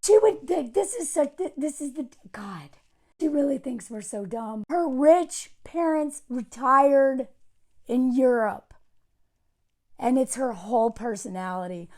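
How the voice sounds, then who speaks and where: Delivering sarcastic, exasperated commentary at a measured pace, this American woman vlogger mocks what she's discussing in a casual way. Her voice is high and expressive with a darkish tone.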